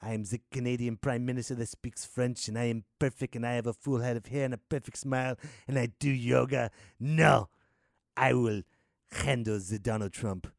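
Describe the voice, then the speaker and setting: A man's voice: mid-range voice, steady tone, moderate pace, creaky, no room sound, studio quality, lightly acted. A man doing a mock-pompous impression of a boastful male prime minister who tosses in French exclamations. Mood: smug.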